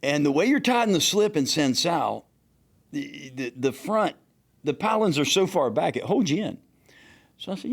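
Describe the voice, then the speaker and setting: A man, a fishing captain telling a story in casual, profane talk and acting out quotes loudly. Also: a little high, big pitch swings, normal speed, gravelly. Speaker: fishing captain, podcast guest.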